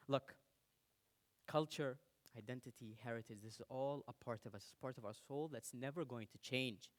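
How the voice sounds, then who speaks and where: A young man from the United Arab Emirates giving a playful, animated talk on stage and speaking straight to the audience. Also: a little high. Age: young adult.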